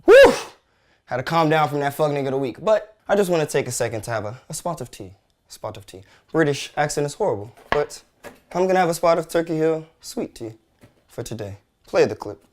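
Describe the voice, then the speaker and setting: A man rattles off a comedic rant at a rapid clip, profane and emphatic. His voice jumps into loud bursts of shouting before dropping back down. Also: fairly high pitch, animated. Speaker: host.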